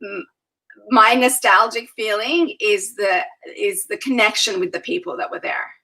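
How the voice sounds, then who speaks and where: A wedding planner recounts her events with lively, animated energy in a casual interview. Her voice is bright and forward, with a slightly husky, breathy grain. She laughs freely as she talks. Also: mid-range voice, measured pace, rough recording. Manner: animated storyteller, laughs often.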